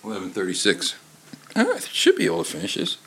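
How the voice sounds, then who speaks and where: A man's voice: a little high, huge pitch swings, vocal fry, sharp tone, a little hiss or hum. A man of fifty reading a picture book aloud, rambling and joking, with many fillers and restarts. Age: 50s. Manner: joking, halting, lots of fillers. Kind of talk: rambling read-aloud with commentary.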